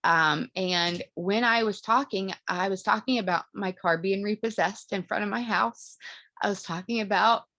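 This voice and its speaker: A woman's voice: medium pitch, normal speed, sharp tone, no room sound. A woman in her thirties leading her team on a motivational video call, talking earnestly with many fillers, her voice turning tearful. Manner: earnest, emotional, rambling with fillers. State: tearful, voice breaking. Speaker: team leader.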